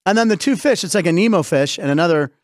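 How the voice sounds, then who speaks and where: A high-pitched American man hosting a comedic sports show, joking and rambling with quick asides. His voice is caught close and dry with no room sound. He is middle-aged, with an easy, chatty delivery. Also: expressive, no room sound. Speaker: host. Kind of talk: casual comedic sports talk.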